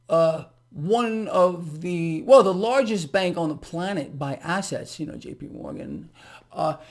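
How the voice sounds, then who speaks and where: A man's voice: high-pitched, darkish tone. A male host delivering a blunt, ranting solo commentary on the markets. He talks sarcastically and mockingly, with heavy emphasis and sudden bursts of scorn.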